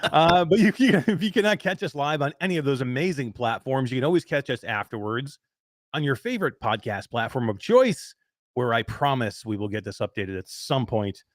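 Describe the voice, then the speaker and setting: A man's voice: medium pitch, lively intonation, fairly quick, no echo, studio quality. A man hosting a live weekly talk show, teasing his co-host and laughing often.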